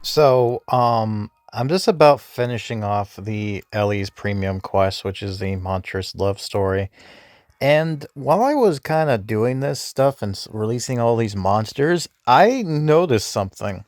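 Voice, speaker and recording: A man casually talks through his gameplay, with a few fillers. He has a middle-pitched voice, and the recording is very dry, with no room sound at all. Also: a little slow, a little mellow, dry recording. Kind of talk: gameplay commentary.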